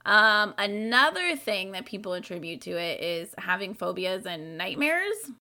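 Young adult woman, podcast co-host, bright tone, casual chat, filler-heavy, playful. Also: medium pitch, big pitch swings, unhurried, vocal fry. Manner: chatty, many fillers, playful asides. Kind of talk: casual chat, reading from notes.

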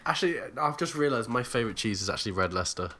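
A man's voice: mid-range voice, lively intonation, racing, pushed and bright. A man co-hosting a podcast in casual chat, dry and rambling, laughing often. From England. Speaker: podcast co-host.

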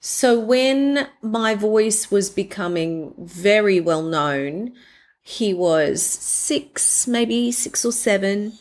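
A woman, a voiceover artist talking as a guest in an interview and telling stories in a lively way. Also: medium pitch, very slow. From Australia. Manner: animated storytelling, acts out quoted friends. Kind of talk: conversational interview.

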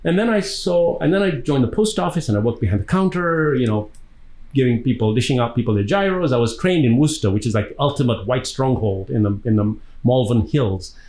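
A man from Tanzania, an actor being interviewed, telling long, lively stories with a laugh between them. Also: mid-range voice, fairly quick, low-quality recording. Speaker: actor guest. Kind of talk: casual interview storytelling.

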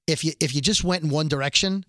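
A man co-hosting a casual podcast chat, recapping a TV episode with jokes and quick acted-out quotes. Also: a little high, fairly bright tone, no room sound, studio quality. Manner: jokey, acts out quotes in quick voices. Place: New York.

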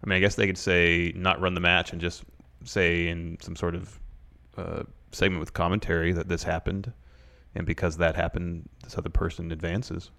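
A man co-hosting a casual podcast, reading news items aloud and chatting in a relaxed, agreeable way. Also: sits low, normal speed, gravelly. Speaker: podcast co-host. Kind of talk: casual wrestling podcast chat.

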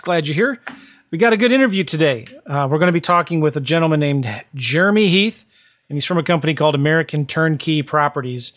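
Podcast host guy, chatty, bit higher voice, pitching his book. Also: fast, fairly bright tone. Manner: chatty, upbeat, promotional. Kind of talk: podcast interview and self-promotion.

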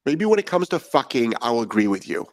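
A man's voice: medium pitch, sing-song, fairly quick, dry recording. Blunt, fired-up male dog trainer. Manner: blunt, profane, fired up, full of rhetorical questions. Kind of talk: podcast monologue.

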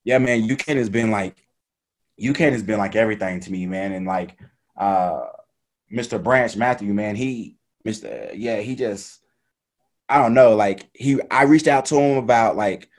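Guy chatting loose on a video call, lots of "like" and "man", voice a bit low. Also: moderate pace. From Texas. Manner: loose, heavy with fillers like "man" and "like". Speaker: guest triathlete. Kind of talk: casual interview over video call.

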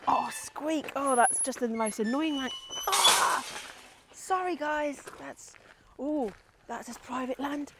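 A woman's voice: high-pitched, unhurried, very noisy. A woman podcast co-host chatting casually and self-mockingly while walking in the countryside. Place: outdoors, countryside walk.

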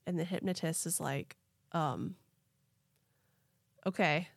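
An animated young woman hosts a podcast, telling a story in loose, casual chat peppered with "like". Her voice is close and dry, with no room sound, and her pitch sits in a middle range. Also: moderate pace, no room sound. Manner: animated, laughing, lots of "like". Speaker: podcast host.

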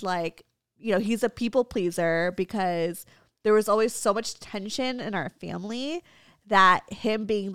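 A woman around thirty, hosting a podcast in casual chat, full of "like" and animated retelling. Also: mid-range voice, clean tone, no echo, studio quality. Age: about 30. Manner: chatty, heavy "like" filler, animated storytelling. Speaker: podcast host.

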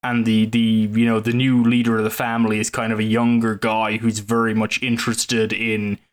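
A man's voice: fairly low pitch, monotone, normal speed, clean tone. A man co-hosting a film podcast, talking in a thoughtful, rambling way with many fillers. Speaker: podcast co-host. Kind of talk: casual film discussion.

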